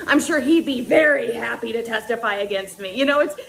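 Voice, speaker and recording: A woman's voice: on the high side, a little fast, creaky, over a noisy crowd, low-quality recording. A woman playing a bitter, scorned woman in a comedy skit, taunting and laughing scornfully between jabs. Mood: mocking.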